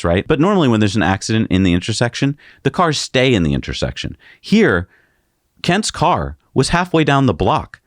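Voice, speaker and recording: A man co-hosting a casual news chat, sarcastic and animated. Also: mid-range voice, no room sound, studio quality. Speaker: co-host.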